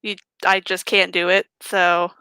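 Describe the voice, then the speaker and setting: Woman roleplaying at a game table, bit of vocal fry, dry close mic, polite. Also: fairly low pitch, level tone, unhurried, pushed and bright, dry recording, poor audio. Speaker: tabletop role-play player. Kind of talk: in-character role-play.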